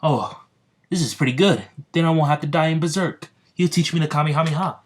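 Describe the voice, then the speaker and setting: A man voicing an eager, fanboyish young male anime hero who gushes excitedly in a raised voice. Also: medium pitch, moderate pace, pitched above the performer's own voice, lightly acted. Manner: excited, breathless gushing.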